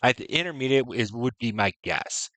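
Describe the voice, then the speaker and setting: A man's voice: medium pitch, animated, brisk, sharp tone, dry recording. A man streaming a strategy game, giving frank, chatty commentary full of "right?" and "you know". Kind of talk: casual gameplay commentary.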